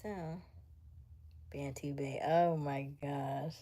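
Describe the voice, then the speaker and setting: A woman from the United States hosting a casual late-night livestream, chatting with viewers, reading their comments and dropping into soft whispers. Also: deep voice, steady tone, extremely slow, slight background noise. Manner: chatty, laughs often, reads viewer comments aloud; drops into soft whispers between remarks. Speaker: livestream host.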